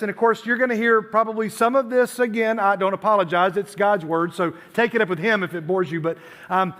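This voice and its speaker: A youth pastor from Tennessee, a man with a high, slightly bright voice, gives a youth sermon in a chatty, storytelling way, dropping self-deprecating asides.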